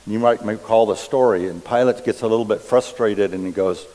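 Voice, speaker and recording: A man preaching a sermon in a church, reading scripture and explaining it deliberately. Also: lowish voice, mellow. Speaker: pastor. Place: church sanctuary. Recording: long reverb of a church hall.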